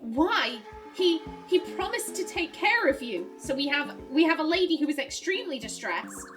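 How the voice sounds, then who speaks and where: A high-pitched woman commenting on a puzzle game, reading clues aloud and thinking things through as she goes. She laughs easily between her musings. Faint game music runs quietly underneath. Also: very animated, moderate pace. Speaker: let's play host.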